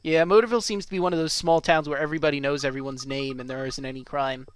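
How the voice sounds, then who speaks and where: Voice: mid-range voice, steady tone, fast talker, clean tone, no room sound. A let's play host giving casual, jokey commentary over a game, often correcting themselves mid-sentence. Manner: chatty, jokey, self-correcting asides.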